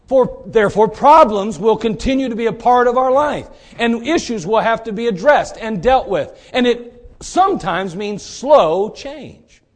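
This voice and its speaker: A man preaching a sermon, dramatic, acting out scripture figures and swinging between loud and hushed delivery. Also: very high voice, animated, unhurried, few pauses.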